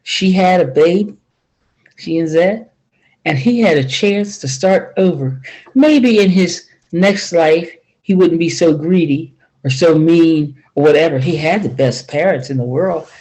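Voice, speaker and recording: An older woman tells a folk tale in a lively, homespun voice. She jumps her pitch up and down to act out each character. Her delivery stays animated and conversational throughout. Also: a little slow, low-quality recording. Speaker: storyteller. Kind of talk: folksy spoken storytelling.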